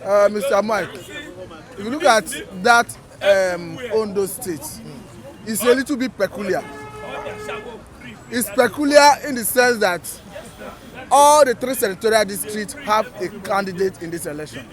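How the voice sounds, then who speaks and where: A man giving calm, analytical political commentary outdoors. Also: sits high, unhurried, pauses often. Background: crowd noise.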